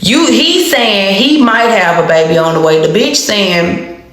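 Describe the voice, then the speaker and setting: A woman's voice: mid-range voice, unhurried. A woman spills a personal story straight to her viewers, swearing freely and circling back over the same words to hammer them home. Her voice sits in the middle of the range, and the room around her rings with a strong, echoey reverb. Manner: animated, heavily profane, repeats phrases for emphasis. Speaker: storytime vlogger. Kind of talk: casual storytime.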